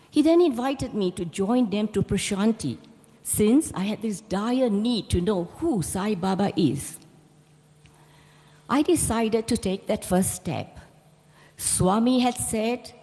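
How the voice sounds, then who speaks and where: Middle-aged lady telling her story real slow and earnest, mellow voice, big hall echo. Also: medium pitch, expressive. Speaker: speaker giving a devotional talk. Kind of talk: personal testimony talk. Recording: long reverb of a large hall.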